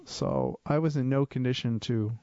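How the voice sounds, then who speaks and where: A man hosting a casual studio show, trading deadpan wisecracks. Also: mid-range voice, moderate pace, dry recording, highs cut off. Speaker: podcast host. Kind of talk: casual banter.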